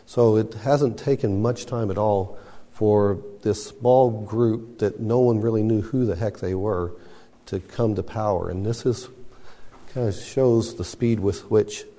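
A man's voice: fairly low pitch, a little slow, mellow. A man teaching a Bible class in a conversational, emphatic way, putting questions to the class. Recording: long hall reverb.

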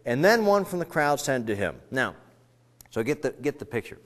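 A man's voice: mid-range voice, animated, normal speed. A male pastor preaching a sermon in a conversational way, full of rambling asides, little jokes and restarts.

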